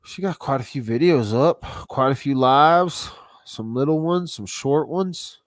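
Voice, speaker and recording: A man's voice: medium pitch, unhurried, no echo. Laid-back man rambling on a livestream. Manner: rambling, laid-back, talks to himself while browsing; casual slang, says y'all. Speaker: YouTube channel host. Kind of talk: casual livestream commentary.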